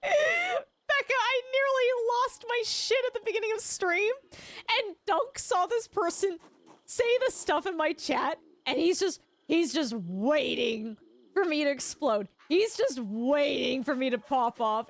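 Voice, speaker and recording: A woman's voice: extremely high pitch, dry recording. A woman streamer chatting casually while gaming, telling rambling stories and laughing often. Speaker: Twitch streamer.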